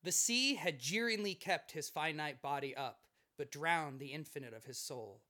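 A man hosting a casual podcast, reading literary passages slowly and solemnly. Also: fairly high pitch, pushed and bright.

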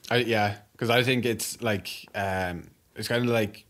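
A man's voice: lowish voice, fairly even intonation, a little slow, fairly bright tone. A young Irish man chatting casually on a podcast, loose and full of fillers, with some swearing. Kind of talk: casual chat.

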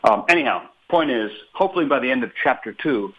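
A man's voice: mid-range voice, fast. A male author talking thoughtfully about his writing as a guest in a radio interview, often stopping to correct himself. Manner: thoughtful, animated, self-correcting. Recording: phone-line guest audio.

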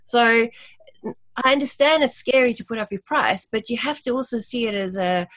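A woman's voice: a little high, animated, normal speed, a bit bright, dry recording. A woman from South Africa with a South African accent, a guest giving frank, earnest advice in casual podcast chat. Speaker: guest, designer.

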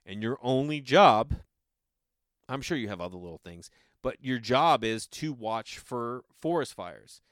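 A man's voice: medium pitch, expressive, unhurried, a bit bright, dry recording, clean studio sound. A man telling a rambling story in a casual way, with lots of fillers and some swearing.

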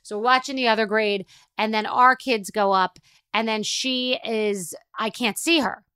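A woman's voice: fairly high pitch, fairly even intonation, normal speed, sharp tone, clean tone, dry recording. A middle-aged woman hosting a podcast, telling a rambling, exasperated story in a solo rant. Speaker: podcast host.

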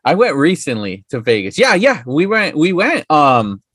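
A man's voice: fairly high pitch, huge pitch swings, moderate pace, fairly bright tone, no room sound, clean studio sound. A young man chatting casually with a buddy, laid-back and slangy, swearing freely. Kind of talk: casual chat.

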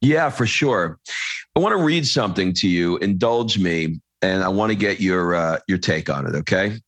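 Low-voiced man, animated podcast host. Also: no room sound. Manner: animated, swears casually, quick asides. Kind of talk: interview, reading a passage aloud.

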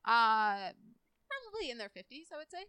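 A woman guest in casual podcast chat, candid and frank, quick to laugh, recorded in person on a close studio mic. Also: fairly high pitch, big pitch swings, bright, forceful tone, smooth, no room sound.

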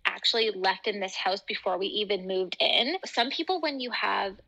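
A woman's voice: medium pitch, expressive, moderate pace, gravelly, sharp tone, poor audio. A young woman co-hosting a podcast, chatting casually and telling upbeat stories full of "like" fillers. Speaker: podcast co-host. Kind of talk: casual chat.

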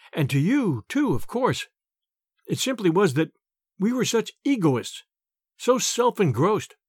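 A man reading aloud, playing a nostalgic, self-absorbed man who speaks in a smooth, musing way. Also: sits high, dry recording, clean studio sound, pitched above the performer's own voice, heavily acted. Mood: reflective.

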